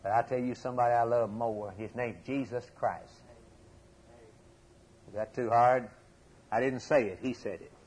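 A man preaching a sermon, telling the story with passion, rising to loud emphasis and dropping to low, hushed asides. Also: steady tone, normal speed, long pauses, husky, low-quality recording.

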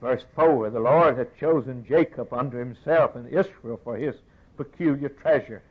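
A man preaching a sermon in a declamatory way, rising to loud questions and falling back to a hushed close. The recording is narrow and tinny, like it came down a phone line. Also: normal speed, slightly rough. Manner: declamatory, swelling to raised rhetorical questions then dropping low.

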